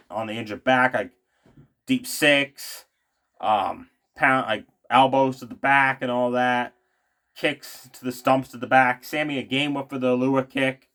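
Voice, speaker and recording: A wrestling show recap vlogger gives a loose, casual spoken recap in an ordinary middle-pitched, fairly bright voice. He rambles, leans on lots of fillers, and keeps tossing in opinionated asides.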